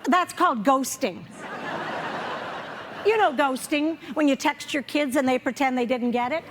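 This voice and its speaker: High-voiced older comedian woman. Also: background noise. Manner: wry, self-mocking, acts out characters in quick asides. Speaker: stand-up comedian. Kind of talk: live stand-up set. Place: comedy festival stage before a live audience.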